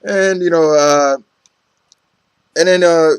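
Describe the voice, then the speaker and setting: A man's voice: a little high, steady tone, slow, smooth, dry recording. A man casually recapping a comic book story, rambling with lots of fillers and acting out the characters' lines. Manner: rambling, heavy on fillers, acts out quotes.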